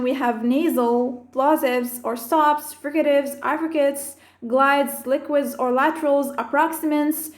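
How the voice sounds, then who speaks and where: A woman teacher explaining speech sounds, slowly listing sounds and terms one by one. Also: high-pitched, echoey room. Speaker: Arabic teacher. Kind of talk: explaining phonetics with slides.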